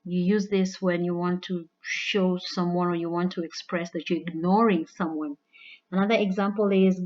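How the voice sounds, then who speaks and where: A woman's voice: on the low side, steady tone, moderate pace, a little mellow, highs cut off. A woman, an English teacher, giving a recorded lesson that explains figurative language in a loose, conversational way. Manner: conversational with frequent "all right" and "you know".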